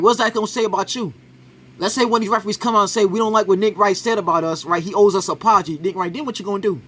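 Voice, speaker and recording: Male reaction commentator, high bright voice, argumentative, peppers lines with "right?". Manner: argumentative, keeps adding "right?". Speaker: commentator reacting to a sports clip.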